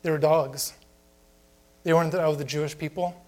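A man's voice: fairly high pitch, fairly even intonation, moderate pace, darkish tone. A man preaching a sermon to a congregation in a plain conversational way, often asking rhetorical questions. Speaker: pastor.

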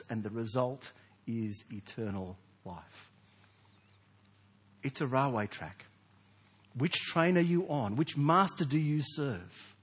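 A man, preaching a sermon in a large church in a lively, conversational way with rhetorical questions. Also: on the high side, husky. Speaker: pastor. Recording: long hall reverb.

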